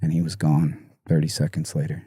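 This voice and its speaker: Low, mellow man, guest in an interview, halting and close to tears, dry sound. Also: monotone, slightly rough, no room sound. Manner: halting, soft-spoken, many pauses and restarts. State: emotional, near tears. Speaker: musician guest. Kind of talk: emotional interview storytelling.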